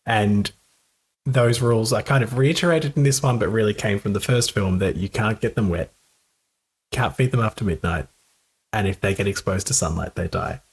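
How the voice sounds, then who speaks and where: A man's voice: fairly low pitch, normal speed, husky. A man co-hosting a casual film-review podcast, chatty, laughing often and restarting his sentences. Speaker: podcast co-host.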